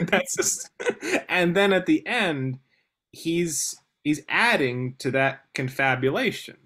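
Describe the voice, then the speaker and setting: A man in a casual book discussion, talking with lots of hesitation and restarts, sometimes reading passages aloud. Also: medium pitch. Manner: animated, hesitant, many restarts and fillers. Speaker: podcast co-host discussing a novel.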